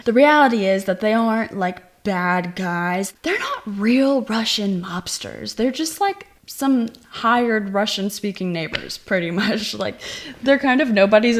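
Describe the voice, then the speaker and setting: A woman giving a casual movie review, chatty and animated, acting out lines from the scenes she retells. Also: mid-range voice. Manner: chatty, many "like" fillers.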